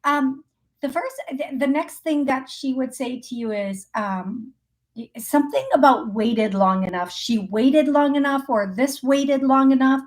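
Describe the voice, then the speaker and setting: A woman's voice: high voice, unhurried, a little mellow. A woman hosting a live psychic call-in show, chatting through readings with frequent laughs and fillers. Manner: chatty, laughs often, thinks aloud with fillers. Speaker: psychic medium host.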